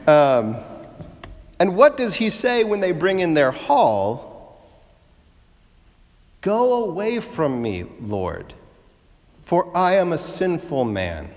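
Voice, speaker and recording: A man's voice: a little high, big pitch swings, slow, long pauses. Male preacher in an echoing church. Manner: conversational, gently humorous, rhetorical questions. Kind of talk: sermon.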